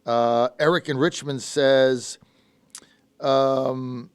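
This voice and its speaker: A male talk radio host with a smooth, resonant voice, recorded dry and close in a studio. He talks briskly and informally, moving quickly between guests and listener messages. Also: mid-range voice, fairly even intonation, no echo. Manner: brisk, informal, reads listener texts aloud.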